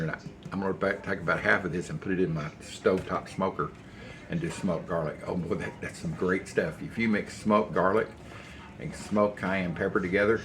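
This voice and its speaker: A man's voice: deep voice, background noise. An older man, rambling folksy stories as he cooks in his home kitchen. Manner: rambling, folksy storytelling while cooking. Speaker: cooking channel host. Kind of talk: casual cooking vlog chat.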